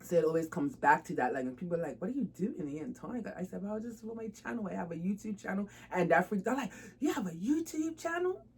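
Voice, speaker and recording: A woman's voice: on the low side, expressive, fast talker, hardly any pauses, a little mellow, breathy edge, rough recording. A woman chatting casually to camera about her doll hobby, informal and laughing often. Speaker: doll collector vlogger.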